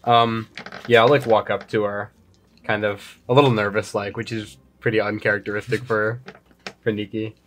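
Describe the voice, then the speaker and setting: A man's voice: on the low side, flat delivery, moderate pace, a little hiss or hum. A man taking part as a player in a tabletop game, asking about rules and speaking hesitantly for his character. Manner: hesitant, questioning, steps in and out of character. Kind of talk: casual tabletop game play.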